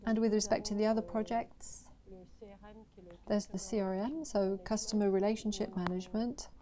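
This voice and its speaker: A woman's voice: mid-range voice, moderate pace, dark tone. A woman presenting annual financial results to investors, talking in a hesitant way with many fillers and restarts.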